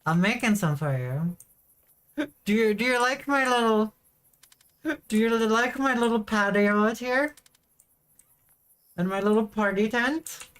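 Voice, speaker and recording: A woman's voice: on the high side, unhurried, long pauses, fairly bright tone. A woman streaming a video game, chatting casually to her viewers with offhand swearing. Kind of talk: casual gameplay commentary.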